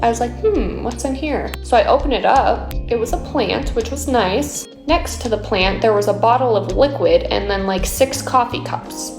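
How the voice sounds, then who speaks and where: A woman's voice: on the high side, normal speed, hardly any pauses, music in the background. Incredulous woman telling a neighbor story. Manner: incredulous, animated retelling. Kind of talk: casual storytime vlog. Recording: echoey room.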